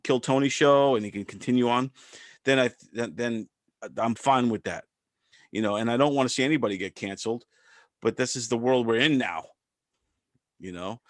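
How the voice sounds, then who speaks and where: Man, co-host, casual chat, stammering restarts, average pitch, dry recording. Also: moderate pace, long pauses, no room sound. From part Filipino descent. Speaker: podcast co-host.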